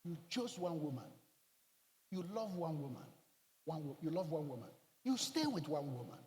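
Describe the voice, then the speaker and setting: A man preaching a sermon, telling a personal story with emotional, emphatic delivery and loud bursts of exclamation. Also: fairly high pitch, sing-song, brisk, in a large hall. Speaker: pastor.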